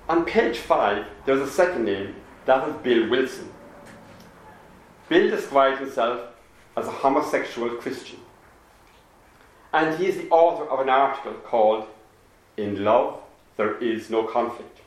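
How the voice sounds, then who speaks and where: A man giving a public talk to an audience, reading and quoting from a pamphlet in a measured, explanatory manner. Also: medium pitch, animated, a little hiss or hum. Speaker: public speaker. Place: meeting room with an audience. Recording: echoey room with faint ambience.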